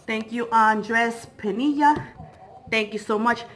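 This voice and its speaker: A woman's voice: fairly high pitch, slow, over a noisy crowd. A woman hosting a family vlog giveaway, playful and bubbly, laughing often and a bit out of breath.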